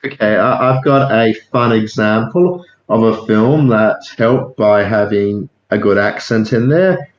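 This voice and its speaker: A man's voice: lowish voice, a little slow. A man in a casual podcast discussion, chatty and enthusiastic. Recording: echoey, dull lo-fi room sound.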